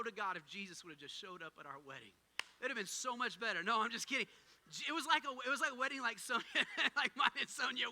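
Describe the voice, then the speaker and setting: Energetic male pastor delivering a sermon, very high, bright voice, reverberant space. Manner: energetic, swings from loud urging to hushed asides.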